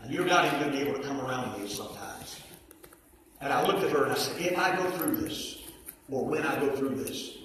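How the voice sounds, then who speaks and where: A man preaching a personal testimony, quiet storytelling breaking into shouts and sung hymn lines. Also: mid-range voice, fairly quick, a little hiss or hum. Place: church service. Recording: echoey church hall, mic far off.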